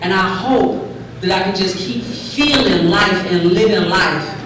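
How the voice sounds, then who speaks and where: Expressive woman speaking in an echoey hall. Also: medium pitch, unhurried. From California. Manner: expressive, preacherly, acting out dialogue. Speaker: luncheon speaker. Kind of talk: inspirational speech. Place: large hall. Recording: echoey hall from far off, noisy.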